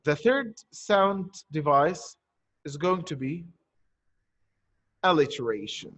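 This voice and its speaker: A man's voice: fairly high pitch, expressive, slow pace, a bit bright, lo-fi sound. A male teacher giving an online poetry lesson, explaining step by step and asking and answering his own questions. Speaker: primary school teacher.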